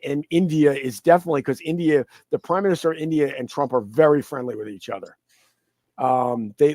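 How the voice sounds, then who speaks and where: A man speaking as a guest in a casual interview, animated, often repeating his words as he talks. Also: no echo, rough recording. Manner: animated, repeats words, acts out quoted people in high mocking voices. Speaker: guest commentator.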